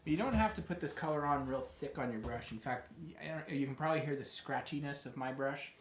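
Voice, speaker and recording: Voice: medium pitch, brisk, a little hiss or hum. Chatty painting instructor in an echoey room. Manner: chatty, self-correcting, encouraging. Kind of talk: live painting tutorial.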